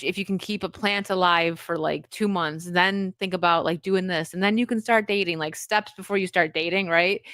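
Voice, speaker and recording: A woman's voice: lowish voice, a bit bright, dry recording. Chatty woman, dry close sound. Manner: rambling, chatty, laughs often. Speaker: host. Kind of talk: casual solo video chat.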